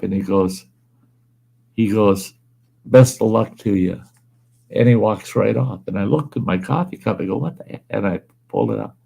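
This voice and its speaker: A man's voice: lowish voice, vocal fry, warm tone, slightly rough. A man hosting his own storytelling show from home, telling a rambling, folksy tale in a plain-spoken, casual way. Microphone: wearing earbuds.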